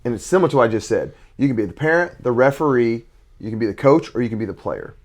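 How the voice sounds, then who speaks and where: A man's voice: mid-range voice, lively intonation, fast. A man talking as a podcast guest about being a father and youth coach, earnest and reflective, often restarting his sentences. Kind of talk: podcast conversation.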